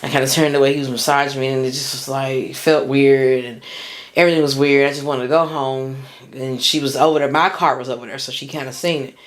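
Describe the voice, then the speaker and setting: A woman's voice: rumbling low, steady tone, brisk. A young woman telling a personal story in a casual, rambling way, with lots of restarts and slang.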